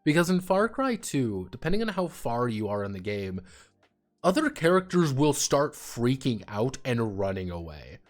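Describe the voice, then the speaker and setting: A man's voice: mid-range voice, normal speed, faint music behind. A man streaming and chatting casually about games, rambling and swearing freely. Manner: rambling, profane, animated. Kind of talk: casual livestream chat.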